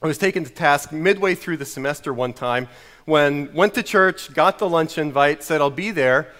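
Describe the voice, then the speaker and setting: A man's voice: a little high, normal speed, fairly bright tone, long reverb tail. A middle-aged American man preaching a sermon, telling a story in a wry, self-mocking way. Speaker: pastor.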